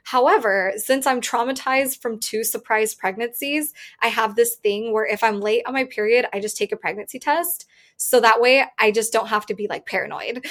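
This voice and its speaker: A woman in her thirties tells her own story to an interviewer, candid and chatty. Her voice sits a little high. She fills her talk with "like" and breaks into laughs often.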